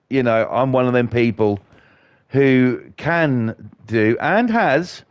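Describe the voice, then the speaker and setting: A man's voice: mid-range voice, darkish tone, no echo, clean studio sound. A man, ranting and swearing in a rambling way while he plays a video game. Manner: profane, rambling, indignant. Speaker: gaming YouTuber.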